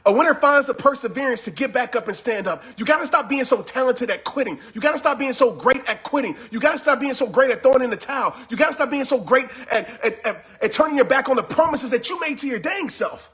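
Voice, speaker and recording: A man giving a fired-up motivational talk on a live stream, yelling with intense, repetitive, preachy urgency, just after a workout. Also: very high voice, animated, fast, hardly any pauses. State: just finished working out. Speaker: motivational speaker.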